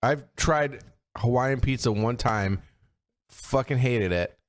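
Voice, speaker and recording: A man's voice: mid-range voice, slow. A man co-hosting a casual podcast, blunt and teasing, sticking stubbornly to his opinions. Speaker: podcast co-host. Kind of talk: casual chat.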